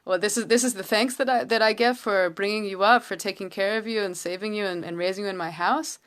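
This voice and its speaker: A woman's voice: medium pitch, steady tone, quick pace, a bit bright, natural voice. A woman voicing an indignant ancient Egyptian princess who reproaches a prophet.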